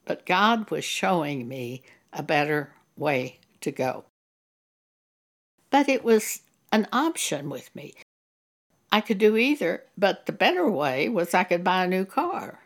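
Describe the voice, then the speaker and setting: Slow, gravelly woman preacher. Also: on the low side, sing-song. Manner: slow, deliberate, earnest teaching. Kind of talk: sermon with scripture reading.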